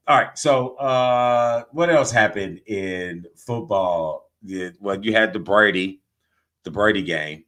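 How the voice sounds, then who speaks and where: A man with a medium-pitched, fairly bright voice hosts a sports podcast, mixing sponsor reads with loose, joking, trash-talking football chat.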